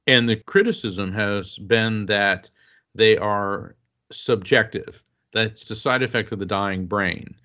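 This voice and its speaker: A man with a fairly low voice tells a personal story as an interview guest, speaking with earnest feeling. He is a psychic medium and author who acts out the voices of the people in his tale. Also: slow, bright, forceful tone.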